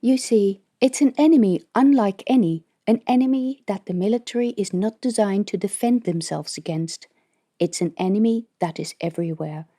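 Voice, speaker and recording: A woman's voice: medium pitch, moderate pace, warm tone, close to an everyday voice. Woman reading as a stern female colonel. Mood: grave.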